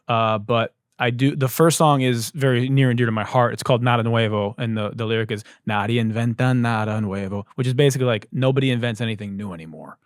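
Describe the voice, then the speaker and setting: A man's voice: mid-range voice, clean tone, no room sound, clean studio sound. A man hosting a podcast, telling stories in a loose, joking, profane style. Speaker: podcast host. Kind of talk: casual comedic monologue.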